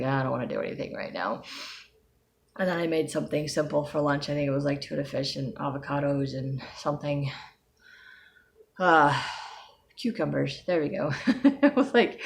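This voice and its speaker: Weary low-voiced woman with a migraine. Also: gravelly. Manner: weary, rambling, with sighs and soft laughs. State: tired with a migraine. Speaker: vlogger. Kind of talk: casual personal vlog.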